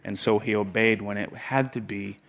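A middle-aged man preaching a sermon earnestly, often repeating words for emphasis and dropping to quiet, low tones. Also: steady tone, normal speed.

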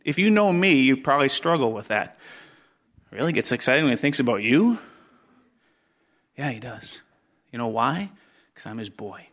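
A middle-aged man preaching a sermon as pastor, earnest, repeating his phrases and dropping from loud stress to near hush. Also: mid-range voice, big pitch swings, normal speed, long pauses.

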